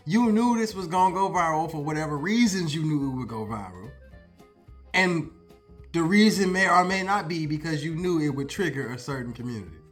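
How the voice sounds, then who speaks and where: A man's voice: high voice, a bit bright. A man in his thirties giving a profane, heated reaction commentary, swearing and laughing between points. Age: 30s. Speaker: commentary host.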